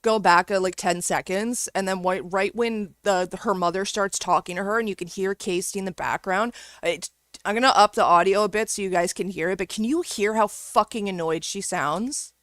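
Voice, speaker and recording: A woman's voice: mid-range voice, moderate pace, fairly bright tone, no room sound, clean studio sound. A woman delivering an angry, sarcastic, profane reaction rant over clips she plays.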